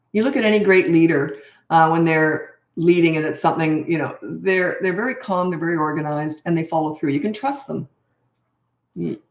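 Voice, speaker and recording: A woman in her fifties, answering parenting questions on a live stream in a calm, plain-spoken way. Her voice sits low. The room around her sounds echoey. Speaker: parenting coach.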